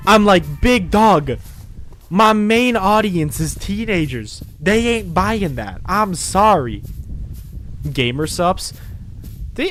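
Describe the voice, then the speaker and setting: A man chatting casually on a game livestream, rambling and apologetic, sounding tired. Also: on the high side. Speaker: game streamer.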